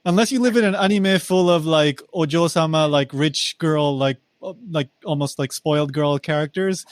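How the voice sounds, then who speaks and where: Higher-voiced man chatting casually. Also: normal speed, dry recording. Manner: relaxed, adds examples and qualifications to the discussion. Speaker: podcast co-host. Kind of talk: casual chat.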